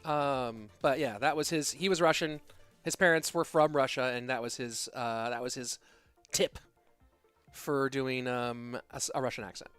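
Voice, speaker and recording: A man casting a live esports match, with excitable play-by-play and rambling asides. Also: mid-range voice, normal speed, clean tone, faint music behind. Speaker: esports caster. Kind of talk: live game commentary.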